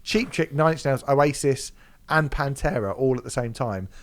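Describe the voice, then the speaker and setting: A man's voice: mid-range voice, normal speed. A man co-hosting a podcast, talking in a sarcastic, mocking way and laughing often. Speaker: podcast co-host. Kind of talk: casual podcast chat.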